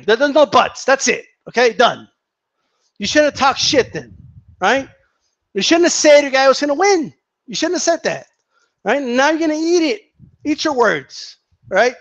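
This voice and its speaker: A man's voice: extremely high pitch, expressive, normal speed, long pauses, a bit bright, no echo. A man ranting casually to his viewers, heated and profane, mocking people and repeating himself for emphasis. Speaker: boxing commentator vlogger.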